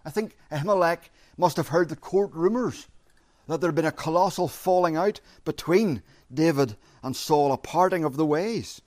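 Man preaching an emphatic, measured sermon. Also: a little high, darkish tone. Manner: measured, emphatic, repeats key phrases. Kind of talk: expository sermon.

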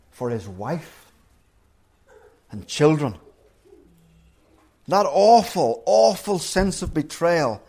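Male preacher, earnest sermon delivery, voice sits a little high. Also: darkish tone. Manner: earnest, wide pitch swings when acting out voices.

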